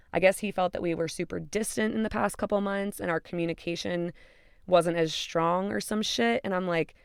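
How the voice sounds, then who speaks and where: Young woman with a gravelly, smooth voice. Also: on the low side, fairly quick, no room sound, studio quality. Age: young adult. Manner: candid, emphatic, swears freely. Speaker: podcast host. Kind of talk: confessional storytelling.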